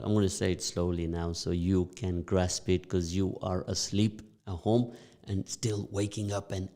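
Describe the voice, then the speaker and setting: A man's voice: on the low side, darkish tone. A man hosting a morning community radio show, upbeat and playful, repeating phrases for effect. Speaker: radio host.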